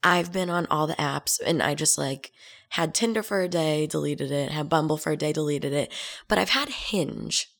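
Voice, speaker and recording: A raspy-voiced woman in her twenties talks through her solo podcast in a loose, chatty way. Her voice sits low, and she teases herself with a self-mocking edge. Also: normal speed, fairly bright tone. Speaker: podcast host. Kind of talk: casual solo podcast chat. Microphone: headphones and studio mic.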